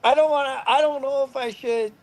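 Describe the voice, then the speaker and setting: A man's voice: very high-pitched, fairly even intonation, brisk, crowd noise. A middle-aged man, a former motorcycle racer, telling rambling stories on a podcast, swearing freely and laughing at his own tales. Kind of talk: casual storytelling.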